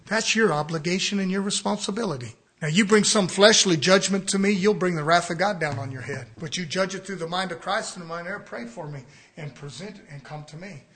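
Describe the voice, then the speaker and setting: A male pastor preaching a fiery sermon, dropping to low murmurs and rising to shouts.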